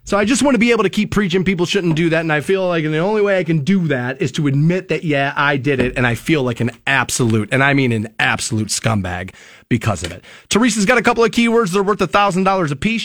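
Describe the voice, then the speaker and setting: A male radio host with a high, ringing voice that swoops all over as he talks. He tells a personal story in a loose, chatty way, acting out each side of a phone call and swearing freely. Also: fairly bright tone.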